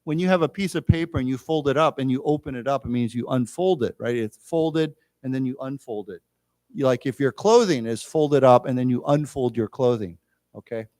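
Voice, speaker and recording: A man teaching an English vocabulary lesson in a library lecture room. He explains each word slowly and leads the class in repeating it. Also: mid-range voice, darkish tone, no echo, studio quality.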